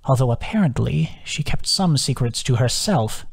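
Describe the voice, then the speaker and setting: A man's voice: medium pitch, animated, normal speed, creaky, husky. A man voicing a cruel, sarcastic old hag witch in an audiobook, mocking and sneering. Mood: cold.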